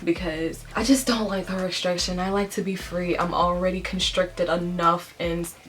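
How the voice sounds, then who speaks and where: A woman's voice: lowish voice, flat delivery, moderate pace, a bit bright. A young pregnant woman talking candidly in a casual vlog, emotional and laughing through tears. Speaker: vlogger.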